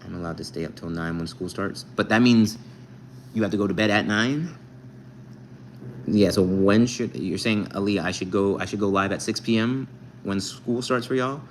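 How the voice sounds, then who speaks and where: A man's voice: on the low side, normal speed, slight background noise, poor audio. A young man casually chatting with viewers on a live stream, reading their comments aloud and joking with them. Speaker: livestreamer.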